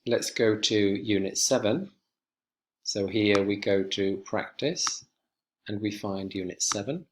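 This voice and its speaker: A man teaching an online English lesson, walking students through exercises with slow, clear instructions. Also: on the low side, slight background noise. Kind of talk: recorded online lesson walkthrough.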